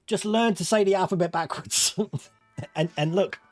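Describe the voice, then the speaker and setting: A man from Australia with an accent mixing Australian and British, hosting a livestream quiz, playful and giggly as he reads out answer options slowly. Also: high-pitched, dry recording, studio quality, faint music behind. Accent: Australian mixed with British. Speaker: quiz host.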